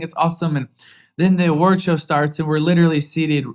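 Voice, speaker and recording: A man in his thirties, the guest on an interview podcast, telling a story earnestly with many restarts and rising excitement. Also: on the high side, fairly quick.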